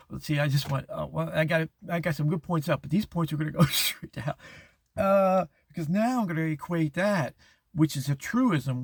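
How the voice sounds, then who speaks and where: Rambling higher-voiced man, dry sound. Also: gravelly, no echo. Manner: rambling, with restarts, quoted voices and chuckles. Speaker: host. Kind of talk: casual monologue.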